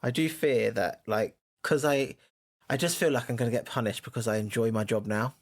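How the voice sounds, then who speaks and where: Male co-host, mid-pitched, casual and opinionated, quick to laugh. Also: fairly even intonation. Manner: chatty, laughs often, opinionated. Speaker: podcast co-host. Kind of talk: casual chat.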